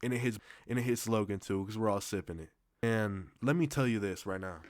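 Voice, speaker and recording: A man's voice: fairly low pitch, brisk, no room sound, clean studio sound. A young man telling a casual storytime in a loose, slangy, profane way, rambling with restarts.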